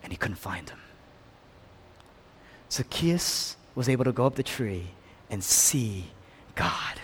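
With a medium pitch and an animated manner, a pastor takes his sermon slowly, leaving long pauses. His preaching moves between loud, emphatic crescendos and soft, almost whispered moments, with frequent questions to the congregation, and a little hiss or hum sits in the audio.

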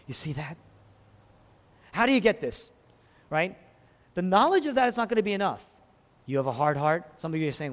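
A man preaching a sermon, swinging from hushed lines to loud, dramatic ones. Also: fairly high pitch. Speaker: pastor. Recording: long hall reverb.

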